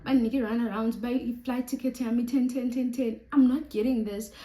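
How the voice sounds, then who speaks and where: A young South African YouTuber tells a story to camera in a lively storytime vlog, switching between Xhosa and English. Her voice is on the high side and brisk, captured with poor audio in an echoey room.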